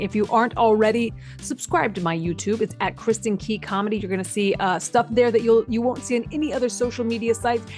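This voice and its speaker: A woman hosting a comedy podcast, reading a comic bit and chatting in a joking, laugh-filled way. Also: medium pitch. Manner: jokey, reads a comic bit, laughs often. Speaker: podcast host.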